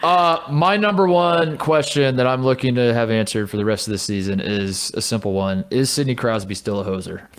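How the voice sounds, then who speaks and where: A man's voice: mid-range voice, moderate pace, hardly any pauses, clean tone. Joking male sports podcast co-host. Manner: joking, mock-passionate rants. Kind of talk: casual sports chat.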